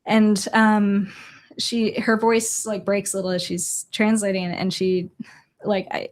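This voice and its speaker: A woman's voice: medium pitch, flat delivery. Earnest young woman journalist retelling a story. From Chicago, USA. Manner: earnest, halting retelling with quoted dialogue. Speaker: journalist guest. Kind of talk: storytelling in a conversational interview.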